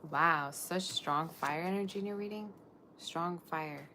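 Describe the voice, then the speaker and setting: A woman's voice: fairly low pitch, unhurried, sharp tone, slight background noise. A woman giving a live tarot reading to her viewers, chatting and rambling as she answers their comments. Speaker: tarot reader.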